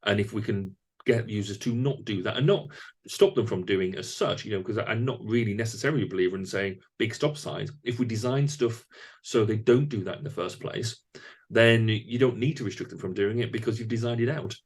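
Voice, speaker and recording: A man's voice: fairly low pitch, fairly quick, darkish tone, breathy edge. A man hosting a podcast interview, talking thoughtfully with frequent fillers and restarts. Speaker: podcast host. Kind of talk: conversational interview.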